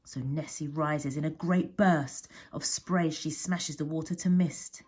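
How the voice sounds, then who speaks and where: A woman's voice: deep voice, steady tone, a little slow, a little mellow, slightly rough. A woman teacher reading a picture book aloud with expression, often dropping to a whisper. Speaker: primary school teacher.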